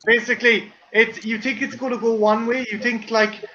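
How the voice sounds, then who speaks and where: A man's voice: very high-pitched, little pitch movement, moderate pace, pushed and bright, lo-fi sound. A man in a casual group video chat who swears freely and often restarts his words. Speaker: guest on a video call chat.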